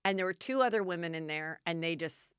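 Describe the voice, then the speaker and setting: A woman's voice: lowish voice, animated, a little fast, a bit bright, clean tone, dry recording, clean studio sound. A middle-aged woman podcast host telling a story in a casual, chatty way and acting out the dialogue in bursts.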